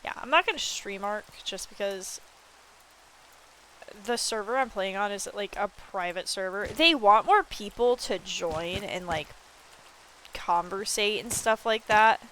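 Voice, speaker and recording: A woman streamer chatting casually while she plays a building game, telling stories with animated, excited quoted reactions and swearing freely. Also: mid-range voice, a little slow, a little hiss or hum. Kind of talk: casual chat while gaming.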